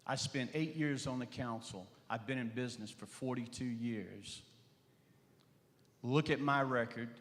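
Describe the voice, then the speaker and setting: An older man making an earnest, emphatic closing campaign statement at a forum. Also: medium pitch. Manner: earnest, emphatic, rising to punchy slogans. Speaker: candidate for parish president. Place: school auditorium. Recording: reverberant auditorium with long echo.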